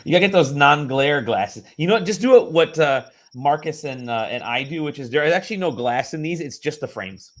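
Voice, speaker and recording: A man's voice: on the high side, animated, fairly quick, few pauses. A man hosting a podcast over a video call, chatty and enthusiastic in his welcomes. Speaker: podcast host. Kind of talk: casual chat.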